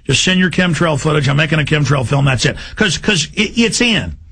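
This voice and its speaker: A gravelly, bright-toned man hosting talk radio, riding a high voice for a man. He rants in a fast, agitated stream that keeps climbing into shouts. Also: animated. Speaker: radio host. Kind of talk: heated talk radio rant.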